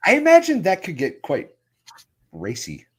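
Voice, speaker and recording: A man's voice: high-pitched, wildly swooping pitch, normal speed, husky. A man joining a live stream as a guest, giving short, laid-back reactions to the chat.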